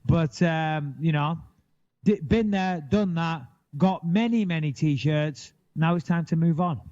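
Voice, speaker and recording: A man in his thirties chatting casually as a podcast co-host, blunt and animated, with plenty of swearing. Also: on the high side, measured pace, highs cut off. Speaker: podcast co-host, retired fighter. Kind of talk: casual chat.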